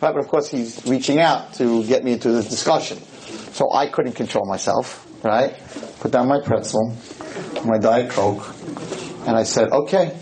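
A rabbi giving a humorous storytelling lecture, animated and jokey, jumping into high voices for the people he quotes. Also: slight background noise, poor audio. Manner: jokey, rapid asides.

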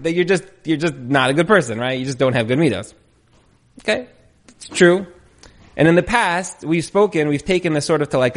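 A man teaching an informal Torah class, retelling a story in a conversational, storytelling way. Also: a little high. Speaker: Torah lecturer.

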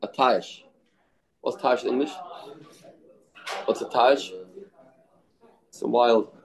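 Male Talmud teacher, mid-pitched, brisk back-and-forth reasoning, Yiddish-laced English. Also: steady tone, gravelly, rough recording. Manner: quick back-and-forth argument mixing English with Aramaic and Yiddish terms. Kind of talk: daf yomi Talmud lesson.

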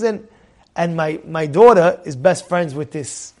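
A man with a fairly high voice and a slightly slow pace teaches a religious lesson through stories. He's animated and repetitive, asks his listeners rhetorical questions, and swings between loud and hushed.

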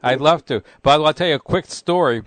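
A man's voice: on the high side, fast talker, fairly bright tone, dry recording. A man hosting a radio interview, friendly and jokey, telling anecdotes to his guest. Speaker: radio show host.

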